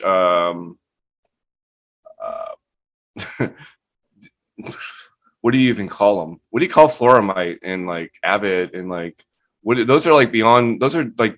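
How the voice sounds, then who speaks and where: Profane, storytelling man guest. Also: fairly low pitch. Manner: profane, animated, acts out quotes. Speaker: guest cannabis breeder. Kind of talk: casual storytelling.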